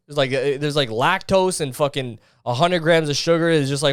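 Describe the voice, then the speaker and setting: A man's voice: fairly high pitch, fairly quick, few pauses, clear, resonant tone, dry recording, clean studio sound. A young man hosting a solo podcast, ranting in an exasperated, profane way about other people's habits. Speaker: podcast host.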